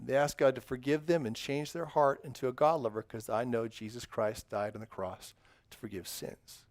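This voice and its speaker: A man's voice: mid-range voice, no echo. A middle-aged man giving a children's sermon in church, quizzing the kids and praising their answers in an upbeat, encouraging way. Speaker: children's pastor. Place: church sanctuary.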